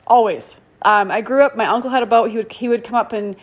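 A woman in her forties telling a personal story in a chatty, self-deprecating way, full of "like" and quick laughs. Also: on the high side. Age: 40s. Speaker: podcast host. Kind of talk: casual storytelling monologue.

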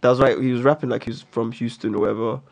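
A man's voice: mid-range voice, steady tone, racing, creaky. A man co-hosting a casual chat, arguing his point insistently with plenty of slang.

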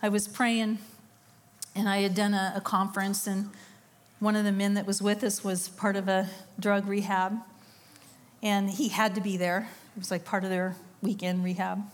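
A woman's voice: mid-range voice, flat delivery, normal speed. A middle-aged woman giving a sermon, telling a story with quoted voices and laughing asides. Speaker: conference speaker. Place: church or conference hall.

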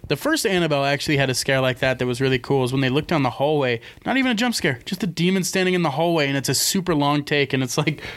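A man's voice: fairly high pitch, fast, few pauses, a bit bright. A young man in casual podcast chat, rambling through stories with lots of swearing and mimicked voices. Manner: rambling storyteller, swears a lot, mimics people.

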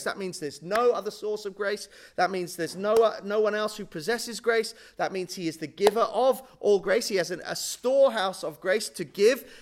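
A man with a high, bright voice preaching a sermon. He swings from booming declarations down to near-hushed lines, stretching out key words for weight. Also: moderate pace.

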